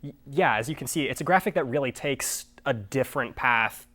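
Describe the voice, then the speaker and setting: A man's voice: mid-range voice, a little fast, a bit bright. Young man hosting, hesitant and stammering. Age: young adult. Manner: hesitant, stammering, dryly polite. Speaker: host. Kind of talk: mock talk show comedy.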